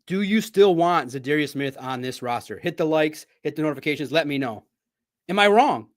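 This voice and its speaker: A man hosting a live sports talk stream, talking straight to his viewers in a playful, animated way. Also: fairly high pitch, fairly quick.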